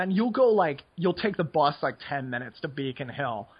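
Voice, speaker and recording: A young man with a slightly raised, husky voice rambles through casual poker talk, leaning on "like" at every turn. The recording sounds dull and lo-fi. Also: fairly high pitch, fast, hardly any pauses. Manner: rambling, filler-heavy with frequent "like". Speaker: poker player. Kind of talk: casual podcast chat.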